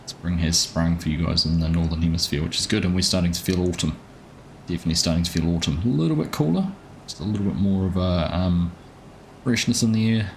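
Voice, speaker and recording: Male streamer host, deep voice, easygoing chatter, greets viewers by name. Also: fast, gravelly, slight background noise. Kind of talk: casual live-stream commentary.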